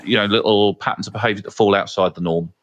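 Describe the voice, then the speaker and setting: A man's voice: fairly low pitch, steady tone, fast, fairly bright tone, highs cut off. A man hosting a podcast, talking frankly in a casual chatty way with plenty of fillers and the odd swear word. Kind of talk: casual conversational anecdotes.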